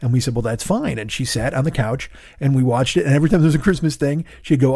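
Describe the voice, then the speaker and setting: A middle-aged man hosting his podcast alone, with a hoarse, tired throat, rambling casually with profane, self-deprecating asides. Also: mid-range voice, fast talker, a little mellow, no room sound. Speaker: podcast host. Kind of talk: casual solo podcast chat. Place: home studio in Los Angeles.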